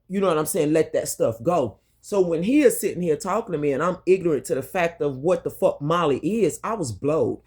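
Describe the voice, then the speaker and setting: A woman's voice: low-pitched, a little mellow, breathy edge. Candid woman telling a storytime. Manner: candid, emphatic, swears freely; addresses viewers directly, repeats herself for emphasis. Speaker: vlogger. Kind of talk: storytime monologue to camera.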